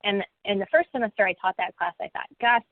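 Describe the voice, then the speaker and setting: An American woman who teaches college classes speaks on a webinar panel over a video call, folksy and conversational with plenty of fillers and restarts. She talks fast at a medium pitch, and the dry audio sounds tinny and phone-like.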